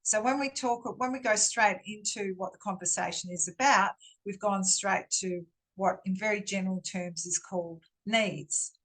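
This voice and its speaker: A woman's voice: mid-range voice, normal speed, fairly bright tone, poor audio. A woman giving a webinar talk on workplace communication, explaining ideas earnestly and restarting phrases now and then. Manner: earnest, explanatory, with frequent restarts and rising emphasis. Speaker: guest speaker on workplace communication. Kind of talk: webinar presentation. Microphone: online webinar microphone.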